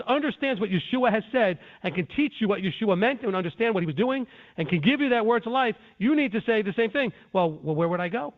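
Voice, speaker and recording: A man with a high voice lectures on scripture, earnest and a little defensive, often stopping to restart his sentences. The sound is thin and tinny, as if it came over a phone line. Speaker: Bible teacher. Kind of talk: conference-call teaching.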